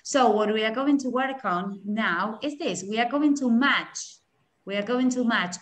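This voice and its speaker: A woman's voice: a little high, a little slow. Woman, patient teacher running an online class, lots of praise. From Argentina. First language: Spanish. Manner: encouraging, repeats and praises answers, mixes in Spanish. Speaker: English teacher.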